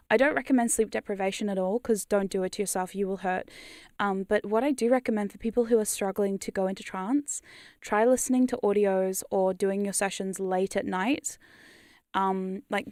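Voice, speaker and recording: A woman's voice: medium pitch, a little fast, darkish tone, dry recording, clean studio sound. A woman chatting casually on a livestream as a hypnosis creator, rambling playfully, laughing often and swearing freely. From New Zealand. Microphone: studio condenser mic.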